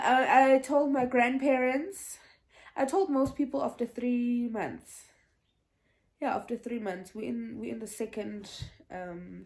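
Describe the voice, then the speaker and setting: A woman's voice: a little high, a bit bright. A young woman telling a casual storytime vlog, chatty and meandering, often restarting and laughing. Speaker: vlogger.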